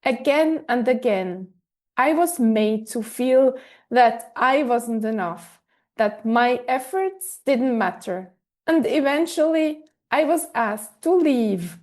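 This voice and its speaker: A woman podcaster narrating a personal story in a measured, scripted way. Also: a little high, animated, darkish tone. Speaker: podcast host and author.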